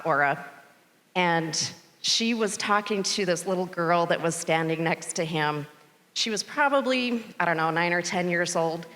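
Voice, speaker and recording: A middle-aged woman giving a welcome speech at a conference, telling a story in a chatty, animated way. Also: on the low side. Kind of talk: conference keynote remarks. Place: large conference venue stage. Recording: long reverb of a large conference hall.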